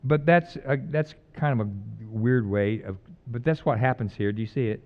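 A man's voice: mid-range voice, moderate pace, highs cut off. Folksy preacher man, emphatic and joking. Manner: folksy, jokey, swings between loud emphatic preaching and quiet asides. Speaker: pastor. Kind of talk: conversational sermon with stories.

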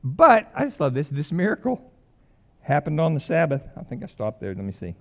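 A man's voice: a little high, wildly swooping pitch, brisk, muffled recording. A male pastor giving a casual, joking sermon that builds to fervent emphasis. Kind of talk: conversational sermon.

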